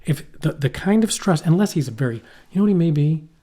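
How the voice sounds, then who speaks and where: Podcast co-host, male, mellow and dark tone, rambling, salty language. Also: fairly high pitch, fast talker. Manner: rambling, animated, swearing. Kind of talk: casual chat.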